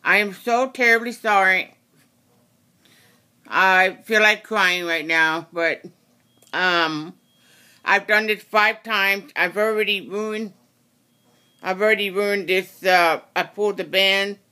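Craft tutorial host, casual and rambling, apologetic, unhurried pace, bright tense tone. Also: medium pitch, fairly even intonation. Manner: rambling, self-correcting, apologetic. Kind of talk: casual how-to demonstration.

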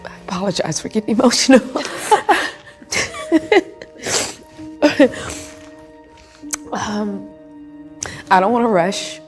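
A struggling mother in a drama skit. She speaks slowly and earnestly, with a lively rise and fall in her voice. Soft music plays behind her. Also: medium pitch.

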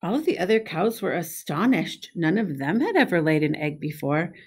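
A middle-aged woman, a preschool teacher, reading a picture book aloud in an expressive, friendly way and pointing out the pictures. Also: fairly low pitch, normal speed, breathy edge.

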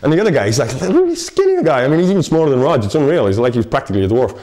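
A man co-presenting a local TV show, rambling through a self-mocking comic story. He talks at a breakneck pace, and his pitch swoops widely from high to low. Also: very animated, racing, dark tone.

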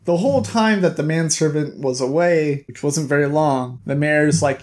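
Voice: medium pitch, moderate pace, few pauses, a little mellow. A book reviewer talks through a novel in a loose, chatty recap. The tone is playful, with jokey asides aimed straight at the listener.

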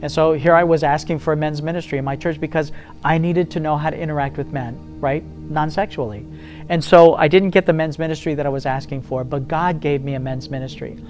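A man's voice: fairly high pitch, fairly even intonation, brisk, darkish tone, faint music behind. A man in a faith interview, telling a story earnestly and acting out the dialogue with rising intensity. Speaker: ministry guest telling a testimony.

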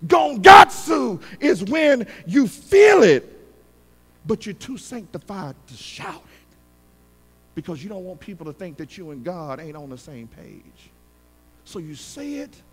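Male pastor mid-sermon, preaching with great passion, very animated pitch, hall echo behind him. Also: breathy edge. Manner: impassioned preaching, swinging from shouts to hushed tones; calls on the congregation to respond. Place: church sanctuary.

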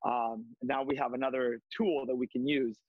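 A man who teaches martial arts, talking through a video call on a TV segment and coaching a short workout with energetic commands. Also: medium pitch, moderate pace, no echo, narrow, tinny audio. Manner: upbeat coaching commands, many fillers. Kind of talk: remote TV interview, leading a workout.

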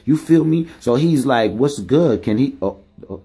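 A young man doing comic, slangy commentary as a mock mediator, scolding and coaxing in animated bursts. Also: mid-range voice, moderate pace, breathy edge. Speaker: comedic vlogger. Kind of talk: comic running commentary to dogs.

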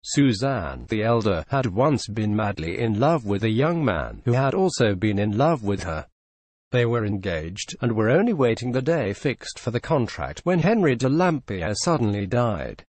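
A man narrating a classic story in a measured, expressive storytelling manner. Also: medium pitch, no room sound. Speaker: audiobook narrator. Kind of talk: scripted narration.

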